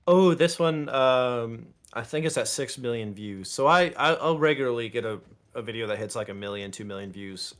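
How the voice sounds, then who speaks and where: A man guest in a casual podcast chat, talking openly and getting animated as he tells stories. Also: medium pitch, moderate pace. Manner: open and animated, breaks into laughs and silly voices when telling stories. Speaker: interview guest.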